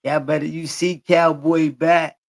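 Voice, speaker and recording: A man's voice: a little high, little pitch movement, measured pace, gravelly. A man in his forties in loose, profane, boastful casual banter. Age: 40s. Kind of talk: casual chat.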